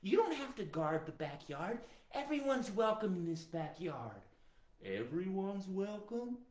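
A man's voice: high-pitched, big pitch swings, moderate pace, slight background noise. A man hosting a live children's music show, speaking cheerfully and directly to the kids watching. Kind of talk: upbeat live kids' show talk. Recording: roomy echo, faint guitar.

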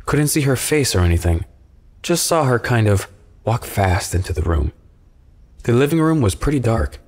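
A man calmly narrating a first-person horror story from a script. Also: mid-range voice, normal speed.

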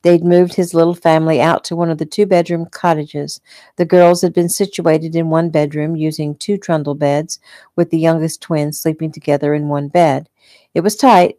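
A woman's voice: low-pitched, dark tone, no room sound, studio quality. A woman casually reading her own novel aloud at home, with small slips along the way. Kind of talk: casual read-aloud narration.

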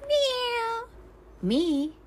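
A sly, know-it-all storybook cat who mews in a piping, very high voice. She talks slowly and with relish, sure she is always right. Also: big pitch swings, slight background noise, exaggerated voice. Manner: mewing, high piping put-on voice. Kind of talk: storybook voice acting.

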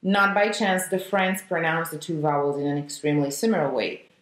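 A woman, an opera diction coach teaching vowels slowly and demonstrating each sound. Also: low-pitched. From Italy. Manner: slow, deliberate, sings out example vowels. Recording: echoey room.

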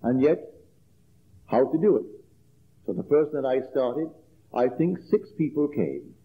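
A man's voice: mid-range voice, lively intonation. Man lecturing on old, tinny tape. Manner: measured, emphatic, repeats key phrases. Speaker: spiritual lecturer. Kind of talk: lecture with personal storytelling.

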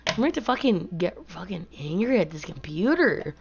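A woman's voice: on the low side, sing-song, a little fast, noisy background. A woman live streaming a game, ranting and swearing in frustration at the other team and her computer. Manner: profane, frustrated, complaining. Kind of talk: angry gaming live stream rant. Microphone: gaming headset mic.

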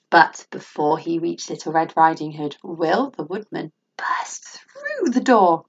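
A woman teacher reads a children's story aloud with lots of expression, her pitch swinging up and down. She gasps and asks the young listeners questions along the way. The recording is slightly dull, with faint ambient noise behind her. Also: sing-song, measured pace. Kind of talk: reading a picture book to children.

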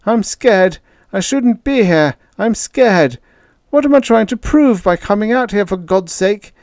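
A man's voice: sits high, lively intonation, a little slow, darkish tone, dry recording, clean studio sound, pitched above the performer's own voice. A man reading an audiobook, voicing a frightened young male crew member who talks in a choked, bitter, panicky way.

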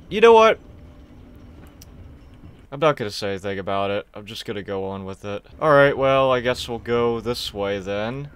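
A man's voice: medium pitch, clean tone. A young man giving chatty, joking let's play commentary and talking to the game characters. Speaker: gaming streamer.

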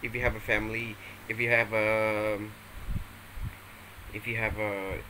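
A man's voice: on the low side, flat delivery, measured pace, sharp tone, a little hiss or hum, rough recording. A man vlogging from home, rambling playfully and hesitantly, often restarting his sentences. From Malaysia. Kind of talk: casual rambling vlog.

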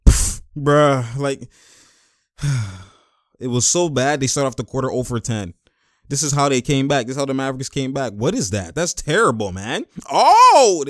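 A young man hosting casual game-watching commentary, animated and full of exclamations and laughter. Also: medium pitch, dry recording, clean studio sound. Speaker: host.

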